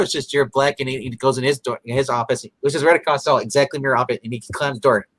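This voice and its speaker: A man's voice: mid-range voice, very fast, hardly any pauses, fairly bright tone, dry recording, rough recording. A man co-hosting a casual episode recap, rambling with many fillers and acting out characters' lines. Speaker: podcast co-host.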